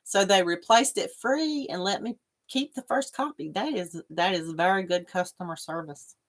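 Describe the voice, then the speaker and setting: A woman's voice: lowish voice, normal speed. A woman hosting a casual livestream, chatting in a rambling way and reading out viewer comments. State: coughing after choking on water. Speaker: livestream host. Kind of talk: casual chat with live viewers.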